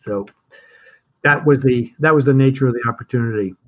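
Older man reminiscing, slightly muffled. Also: medium pitch. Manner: reflective, halting restarts and chuckles. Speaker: firm co-founder. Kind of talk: reminiscing conversation.

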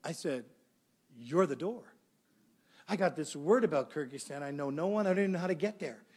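A man's voice: a little high, fairly quick, slightly rough. A middle-aged male pastor preaching a sermon, telling a story and acting out the dialogue. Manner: animated storyteller, acts out dialogue.

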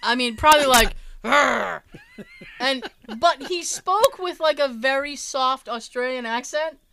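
Bright-voiced chatty woman. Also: high-pitched, normal speed, dry recording. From United States. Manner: chatty, laughing storyteller. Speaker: co-host. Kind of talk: casual chat.

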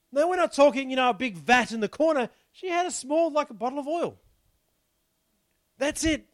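A man's voice: extremely high pitch, expressive, normal speed, pauses often, a bit bright, no room sound. A man, a pastor giving a conversational sermon, explaining the text and asking his listeners questions. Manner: chatty, explains the text and asks the congregation rhetorical questions.

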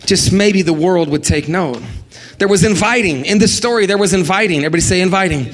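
A middle-aged man preaching an energetic sermon as a guest preacher, animated, acting out the people he quotes and calling on the congregation to respond. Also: high-pitched, fairly quick, a little hiss or hum.

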